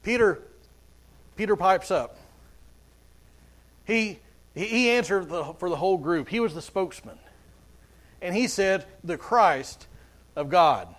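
A man's voice: sits high, animated, unhurried, long pauses, fairly bright tone. A man preaching a sermon as pastor, earnest, often repeating words as he goes.

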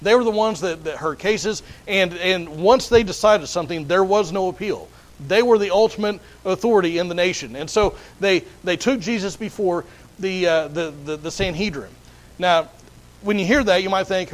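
A man's voice: sits high, lively intonation, moderate pace, low-quality recording. A man preaching a sermon, explaining a Bible passage earnestly and often repeating words as he restarts. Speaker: pastor.

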